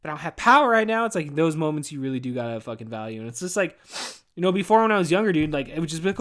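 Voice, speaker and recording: Speaking very fast with few breaks, this thirtysomething man hosts a podcast in a fairly high, slightly bright voice that swings widely in pitch. He vents in a tired, meandering monologue, swearing all the time and saying "dude" over and over.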